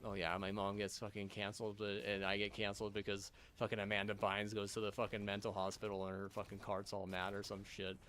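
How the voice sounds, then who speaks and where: A man's voice: lowish voice, completely flat delivery, a little fast, few pauses, a bit bright, slight background noise. A young man rants at length. He rambles and swears constantly, piling up fillers and false starts as he goes. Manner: rambling, profane, many fillers and restarts. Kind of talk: profane rambling rant.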